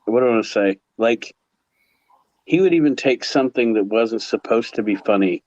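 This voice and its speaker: A laid-back male co-host chats casually at a middle pitch. His voice comes through a dull, lo-fi, dry recording. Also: normal speed, a little mellow, no room sound. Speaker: podcast co-host. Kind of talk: casual chat.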